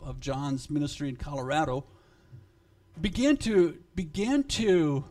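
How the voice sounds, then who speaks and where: A man preaching to his congregation in a fairly high voice. He speaks slowly and emphatically, and his loudness rises and falls. When he leaves his notes he halts and repeats words. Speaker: pastor. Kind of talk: sermon.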